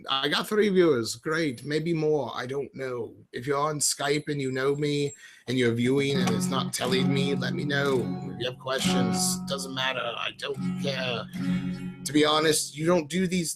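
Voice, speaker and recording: A chatty man streaming live from his home, with a put-on British-sounding accent that slips in and out. He rambles freely, makes fun of himself and greets viewers in the chat. His voice sits at an everyday middle pitch. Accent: affected British-sounding accent that comes and goes. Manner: rambling, chatty, self-deprecating, answers viewers' chat messages. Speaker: livestream host. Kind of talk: casual rambling livestream chat.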